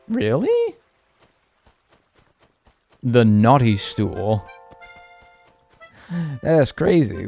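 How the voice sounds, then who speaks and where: A man's voice: mid-range voice, darkish tone. A man streaming a video game, chatting casually with his viewers and ranting in mock seriousness. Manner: talks to chat, mock-serious rants. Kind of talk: casual livestream chat.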